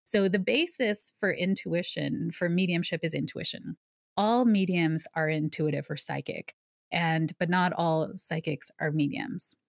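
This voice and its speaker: A woman's voice: fairly low pitch, measured pace, vocal fry, dry recording, clean studio sound. A woman guest on a podcast, a psychic medium, telling her story and explaining ideas in an earnest, conversational way. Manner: earnest, explanatory, with lively asides.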